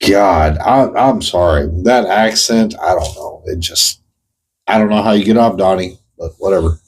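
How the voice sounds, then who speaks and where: A man's voice: sits low, moderate pace, a little hiss or hum, low-quality recording. A man hosting his own show, venting in a blunt, profane monologue and firing pointed questions straight at the person he is addressing. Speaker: host. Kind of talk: ranting monologue.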